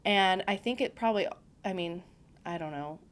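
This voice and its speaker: A woman's voice: on the low side, normal speed. A young woman talking as a podcast guest in casual conversation, chatty and acting out her own past words in quotes.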